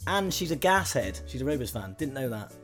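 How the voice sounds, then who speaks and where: A man co-hosting a podcast, bantering in a jokey, animated way. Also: medium pitch, brisk, soft background music. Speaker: podcast co-host. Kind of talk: casual chat.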